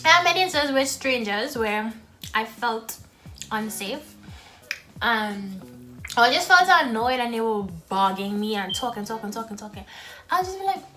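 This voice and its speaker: A woman's voice: fairly high pitch, expressive, normal speed, pushed and bright, faint music behind. A young woman who films herself eating at home and chats to the camera in a blunt, frank way, talking between bites. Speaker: mukbang vlogger. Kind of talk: casual talk while eating.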